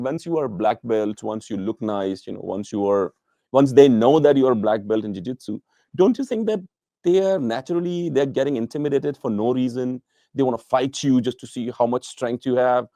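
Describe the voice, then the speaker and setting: A man hosting a podcast who puts long questions to his guest, stopping and restarting as he works them out. His voice is mellow and dark, and the recording is dry and close, with almost no room sound. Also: mid-range voice, no echo. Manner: halting, restarts questions, thinks aloud. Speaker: podcast host. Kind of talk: interview questions.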